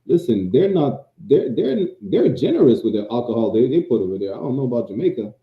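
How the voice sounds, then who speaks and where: A man's voice: medium pitch, very animated, brisk. A man telling a story emphatically in a casual chat. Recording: tinny phone-like line in an echoey room.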